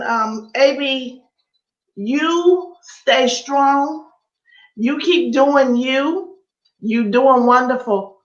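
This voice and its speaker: A woman's voice: fairly high pitch, highs cut off. A woman guest on a live-stream talk show, speaking in an encouraging, preachy way over a video call. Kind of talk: casual live-stream chat.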